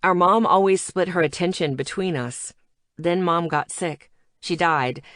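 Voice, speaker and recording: A woman voicing a gentle, weary young man in an audiobook, with a soft, low-key delivery. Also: measured pace, dry recording, studio quality.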